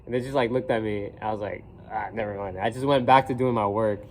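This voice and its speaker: A man's voice: steady tone, fast, a little hiss or hum. A young man, a college student, telling a rambling story in a casual vlog, full of slang, swearing and fillers, and acting out his classmates' voices. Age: young adult. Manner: acts out classmates' voices with pitch jumps.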